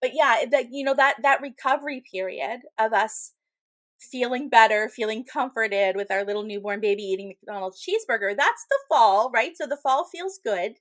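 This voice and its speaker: A woman's voice: a little high, animated, moderate pace, a bit bright. A woman in her thirties co-hosting a spiritual podcast, chatting casually and telling stories with frequent fillers and laughs. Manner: chatty storyteller, laughs often, many fillers. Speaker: podcast co-host, medium. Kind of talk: casual chat.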